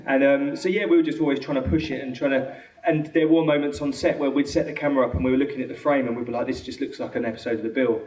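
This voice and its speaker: A film director answers audience questions in a London accent, and the man speaks in a quick, rambling stream that keeps looping back on itself. He sits well away from the microphone, so his voice carries the reverb of a large cinema hall. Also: mid-range voice, fairly even intonation, darkish tone. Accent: London English. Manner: fast, rambling, full of restarts and quoted dialogue. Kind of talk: Q&A answers after a screening. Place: cinema auditorium. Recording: echoey hall from far off.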